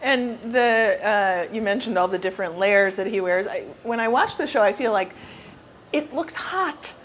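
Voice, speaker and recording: Here is a woman interviewer putting questions to an actor. Her voice sits at a middle pitch, and she sounds friendly and casual. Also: normal speed, slight background noise.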